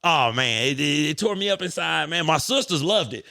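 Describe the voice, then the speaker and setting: A man hosting a podcast, telling stories in an animated, profane way. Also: fairly high pitch, brisk, gravelly, dry recording, clean studio sound. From United States. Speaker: podcast host. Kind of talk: casual podcast chat.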